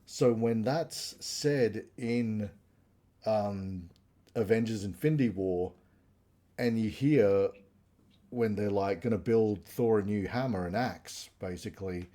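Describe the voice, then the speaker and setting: A man with a lowish voice talks through comic-book history in a loose, rambling way. His tone is mellow and relaxed rather than bright. It sounds like unscripted casual chat on a live review stream. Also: takes it slowly. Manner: rambling storyteller, retelling comic plots animatedly.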